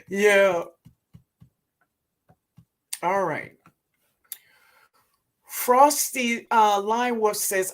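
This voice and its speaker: New orleans lady hosting a garden livestream, slow and unhurried, bit of fry, calls everybody baby. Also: on the low side. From Louisiana, US. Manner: calls viewers baby, laughs often. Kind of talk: casual live chat reading viewer comments.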